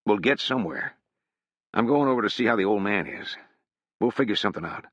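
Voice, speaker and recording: A man's voice: fairly low pitch, lively intonation, fairly quick, fairly bright tone, no echo. A man voicing a blunt, plainspoken young man in a slightly raised voice, for an audiobook. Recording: dull, dry sound.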